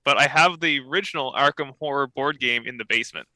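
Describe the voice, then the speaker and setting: A man introducing himself as a player on a tabletop game stream, eager and halting, with lots of fillers. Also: mid-range voice, bright, forceful tone, no echo, low-quality recording. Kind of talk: casual self-introduction.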